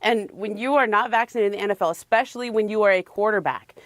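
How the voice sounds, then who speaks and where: Woman sports pundit talking fast and firm, dry close sound. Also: medium pitch, no room sound. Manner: firm, emphatic. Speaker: sports panelist. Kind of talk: opinionated sports debate.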